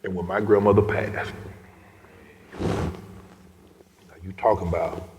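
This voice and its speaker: A middle-aged man with a low, deep voice tells a personal story at an event, his delivery swinging from loud to near-whispered. His voice rings out with the long reverb of a big hall. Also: steady tone, slow pace. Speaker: guest speaker.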